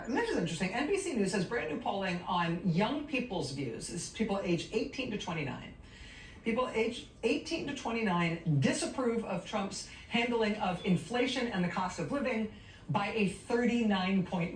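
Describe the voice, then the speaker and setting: A woman hosting a news show, reading out poll results in a rapid question-and-answer rhythm, with wry, sardonic asides. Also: very animated. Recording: roomy, distant sound with faint rumble.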